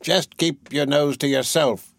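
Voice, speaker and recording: A man's voice: on the high side, steady tone, a little slow, no room sound. A man voicing a wicked old witch, mocking and menacing. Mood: scornful.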